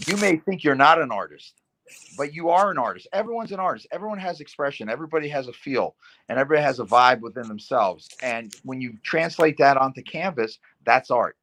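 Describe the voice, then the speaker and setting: A man's voice: mid-range voice, expressive, a little fast, fairly bright tone. A man in his fifties hosting a podcast over a video call, talking in a rambling, enthusiastic way that jumps between topics. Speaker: podcast host. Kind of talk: casual video-call chat.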